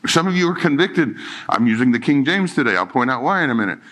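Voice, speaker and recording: A man's voice: medium pitch, animated, fast, fairly bright tone. A middle-aged male pastor giving a conversational sermon, joking and acting out quoted dialogue.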